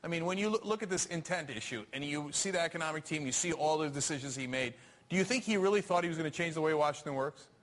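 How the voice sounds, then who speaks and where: A man's voice: fairly high pitch, fast talker, a bit bright. A man hosting a political panel who keeps pressing his guests with pointed, combative questions. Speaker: talk show host.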